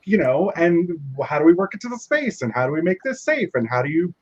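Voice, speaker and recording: A man chatting casually, speaking in a lively, expressive way. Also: on the high side, fairly quick, slightly rough. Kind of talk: casual chat. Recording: dull lo-fi sound.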